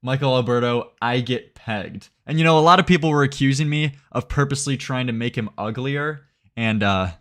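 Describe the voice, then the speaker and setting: A man's voice: mid-range voice, normal speed, fairly bright tone. A young man giving mocking commentary as a streamer, sarcastic and rambling, often laughing.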